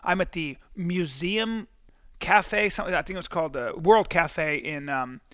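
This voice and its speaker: A middle-aged man telling stories as a comedian guest in casual chat, animated, with stammering restarts. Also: on the high side, moderate pace, no room sound, studio quality. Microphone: close podcast mic.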